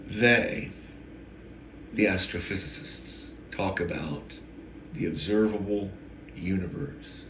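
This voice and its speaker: A man's voice: low-pitched, slow, pauses often, a bit bright, slight background noise. A man hosting a rambling, emotional spiritual monologue, often wandering off topic and catching himself. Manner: digressive, emotional, self-interrupting. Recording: echoey room.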